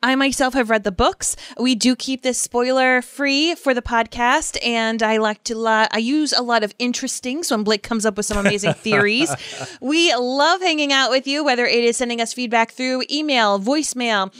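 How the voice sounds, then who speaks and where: A woman's voice: fairly high pitch, normal speed, few pauses, fairly bright tone, clean tone, no echo. A woman with a Rhode Island accent, a blend of Boston and New York, co-hosting a podcast from her home studio in bubbly, chatty banter. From Rhode Island, USA. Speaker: podcast co-host. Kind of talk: casual podcast chat.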